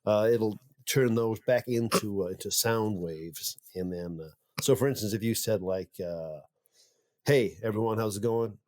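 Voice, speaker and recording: A man voicing a rambling American inventor in an improvised comedy sketch, halting and full of hesitations. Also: lowish voice, a little mellow, a little hiss or hum, voice pushed down, lightly acted. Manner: halting, full of uhs, drawn-out explanation. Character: rambling male American inventor, middle-aged.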